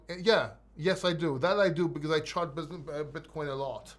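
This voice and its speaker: A man with a high voice and a mixed London and Greek accent hosts a live crypto Q&A. He is blunt and emphatic, drops the odd swear word, and stumbles over repeated words as he answers viewers' questions. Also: brisk, hardly any pauses. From born in London, raised in Greece. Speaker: crypto livestream host. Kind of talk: live Q&A, reading chat questions.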